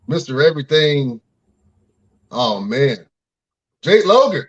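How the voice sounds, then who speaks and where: A man hosting a wrestling podcast segment, hyping up his guests in an excitable way. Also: on the high side, normal speed, dry recording, muffled recording. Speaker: podcast host.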